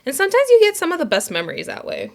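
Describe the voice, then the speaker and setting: A young woman co-hosting a casual podcast chat, teasing with deadpan jokes and laughing often. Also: extremely high pitch, very fast. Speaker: podcast co-host.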